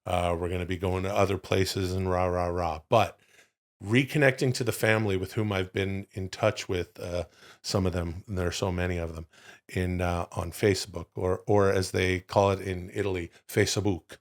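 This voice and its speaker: A man's voice: deep voice, steady tone, normal speed. A man co-hosting a comedy podcast, talking in a rambling, profane, loose and joking way. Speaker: podcast co-host. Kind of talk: casual comedic chat.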